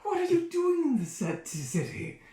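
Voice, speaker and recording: A man voicing a flamboyant, finely dressed man who gushes loudly and theatrically. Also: wildly swooping pitch, normal speed, heavily acted. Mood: gushing. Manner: theatrical, overexcited, high and loud. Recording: roomy echo.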